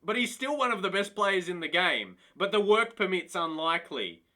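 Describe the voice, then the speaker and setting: Speaking at a moderate pace in a high voice, this streamer plays a football management game and talks to his chat. His casual commentary is excitable, full of laughter and disbelieving exclamations.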